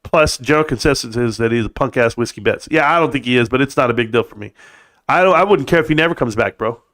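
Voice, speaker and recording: A man's voice: medium pitch, quick pace, a bit bright. A man from California hosting a casual live stream, joking and blunt, calling everyone "bro" as he reads chat. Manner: joking, blunt, says "bro" a lot, swears.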